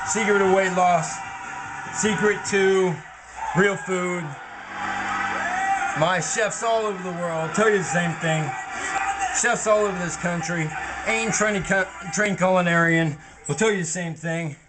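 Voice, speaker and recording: Man shouting a sing-song motivational rant. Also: high-pitched, measured pace, over music. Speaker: home cook vlogger. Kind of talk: motivational rant, half sung.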